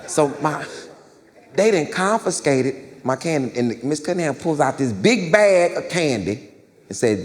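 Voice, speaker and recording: A man's voice: on the high side, sing-song, unhurried, in a large hall. A male stand-up comedian telling a story on stage, loose and slangy, checking in with the crowd.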